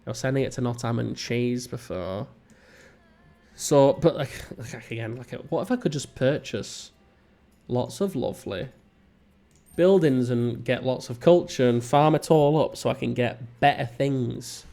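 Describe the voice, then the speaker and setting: A man from England with a broad Northern English accent talks through a strategy game. He rambles, teases himself and cracks jokes while he plays, in a medium-pitched voice. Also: measured pace, vocal fry, mellow. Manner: rambling, self-mocking and jokey. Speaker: let's play host. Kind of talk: casual gameplay commentary.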